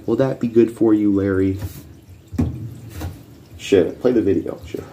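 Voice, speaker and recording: A man's voice: fairly low pitch, steady tone, measured pace, mellow, a little hiss or hum. A man hosting a reaction video, ranting bluntly with heavy swearing and repeating his points insistently. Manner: blunt, profane and combative. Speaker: channel host reacting to videos.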